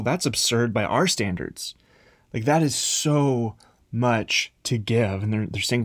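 Male preacher, middle pitch, plain-spoken conversational sermon, dry close recording. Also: normal speed, no echo.

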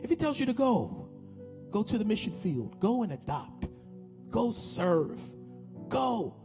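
Impassioned American pastor with a high voice. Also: male voice, sing-song, measured pace, music in the background. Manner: impassioned, repetitive exhortation. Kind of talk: sermon with altar call. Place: church sanctuary.

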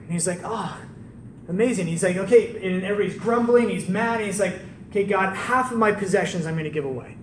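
Male preacher, conversational and animated, recorded from a distance with faint background noise. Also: sits high, quick pace, echoey room. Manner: conversational, animated storytelling with rhetorical questions. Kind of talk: sermon.

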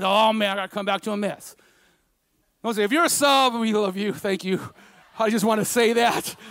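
A man with a very high, forceful voice preaches a sermon to his congregation. He talks casually, scattering "you know" through his stories, then drives his points home with emphatic preaching. The sound is close and dry. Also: no room sound. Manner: conversational, peppered with "you know". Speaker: pastor.

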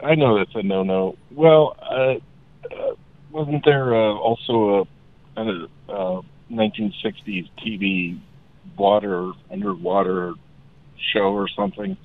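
Male radio caller, gravelly, hesitant, heard over a dry tinny phone line. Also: medium pitch, very animated, a little slow, dry recording. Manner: hesitant, stammering, friendly. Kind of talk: phone-in chat.

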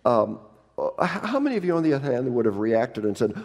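Gravelly-voiced pastor preaching a sermon. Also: male voice, mid-range voice, very animated, brisk, a little mellow, in a large hall. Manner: humorous, acts out quoted people in raised voices. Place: church.

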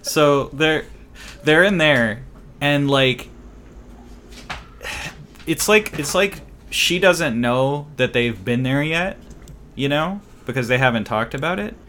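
A man's voice: on the high side, expressive, slow, pauses often, a bit bright, slight background noise. A man co-hosting a casual movie discussion, rambling with many fillers and restarts. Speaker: podcast co-host.

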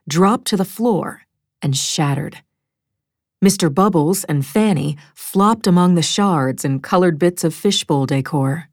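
Woman reading a thriller audiobook, deep-ish voice, dry studio sound, wry and measured. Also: darkish tone, no echo. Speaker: audiobook narrator. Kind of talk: first-person thriller narration. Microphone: close studio mic.

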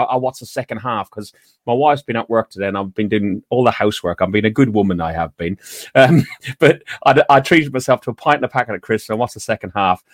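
A man co-hosting a casual football chat, animated and joking with frequent restarts. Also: lowish voice, brisk, no echo, studio quality. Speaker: podcast co-host.

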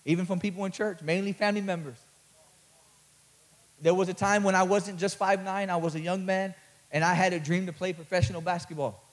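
A young man with a high, ringing voice delivers a rousing sermon. He stumbles over the starts of his words in his rush and jokes with the listeners before swelling back to loud peaks. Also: fairly even intonation, fairly quick. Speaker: guest preacher.

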